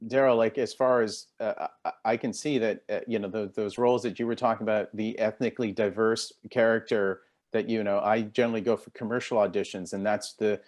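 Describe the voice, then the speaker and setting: A man's voice: lowish voice, steady tone, brisk, darkish tone. A man from England moderating a panel discussion, talking conversationally and drawing the panelists out with follow-up questions.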